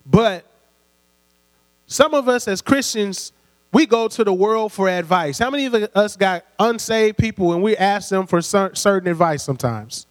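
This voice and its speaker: A man with a high voice preaches a sermon. His delivery is conversational and full of call-and-response, with light laughs between points. His voice rings with long hall reverb over a steady mains hum. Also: moderate pace. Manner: call-and-response, prompting the congregation.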